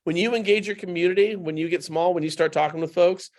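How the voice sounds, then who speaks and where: A man's voice: high-pitched, quick pace. A man talking as a podcast guest in casual conversation, telling stories with animation and repeating points for emphasis. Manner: animated anecdotal storytelling.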